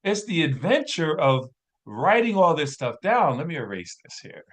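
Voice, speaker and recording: A man giving a motivational business training talk as a coach, energetic and preachy, talking to his team while drawing on a screen. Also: fairly high pitch, normal speed.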